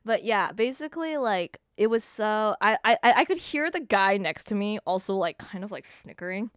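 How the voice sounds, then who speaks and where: A woman live streamer chatting casually with her viewers, telling stories in an animated way with frequent laughs and swearing. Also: mid-range voice, normal speed, few pauses, clean tone, no echo, studio quality.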